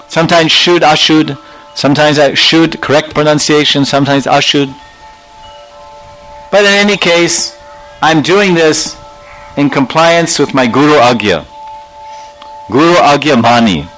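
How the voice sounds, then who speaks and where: A man's voice: mid-range voice, fairly bright tone, poor audio. A man giving a storytelling sermon who animatedly acts out the characters and laughs often. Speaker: spiritual teacher.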